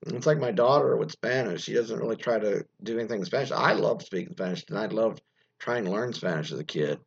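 Husky-voiced man riffing on the news. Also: fairly low pitch, a little fast. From United States. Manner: rambling, frequent restarts and fillers, reads news aloud then riffs. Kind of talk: casual opinionated commentary. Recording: dull lo-fi sound.

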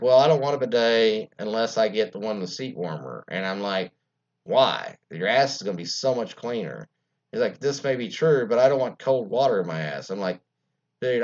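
A man's voice: mid-range voice, a little mellow, dull audio. A man hosting an internet radio talk show, rambling casually with many fillers and restarts and some crude jokes.

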